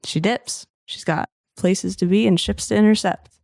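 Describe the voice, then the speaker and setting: A woman's voice: medium pitch, steady tone, normal speed, vocal fry, warm tone, no echo, studio quality. A woman playing in a tabletop game, describing her character's moves casually. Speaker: player.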